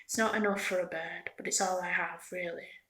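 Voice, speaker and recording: A woman's voice: fairly low pitch, steady tone, fairly quick, a bit bright, reverberant, lightly acted. A woman doing a polite young girl, whispered role-play. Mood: earnest. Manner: polite, earnest.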